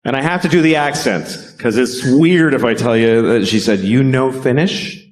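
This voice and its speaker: A man's voice: medium pitch, lively intonation, normal speed. A man doing a stand-up comedy routine, profane and sardonic, with rambling rants.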